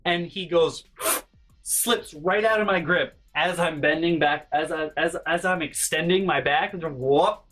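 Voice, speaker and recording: A young man telling a story about his school days in a casual, animated way, dropping to low mutters and jumping to sudden high yelps. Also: a little slow. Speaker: storytelling vlogger. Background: faint background music.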